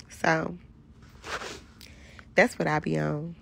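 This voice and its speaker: A woman with a hoarse, raspy voice, chatting casually to viewers on a phone livestream in a candid, profane, rambling way. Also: deep voice, a little hiss or hum. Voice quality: raspy, gravelly voice.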